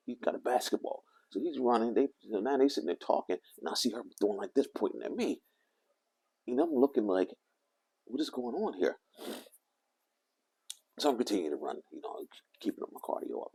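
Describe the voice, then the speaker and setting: An older man telling a rambling, animated story to the camera. He often corrects himself as he talks. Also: low voice, slightly rough. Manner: animated, meandering, self-correcting. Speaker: vlogger.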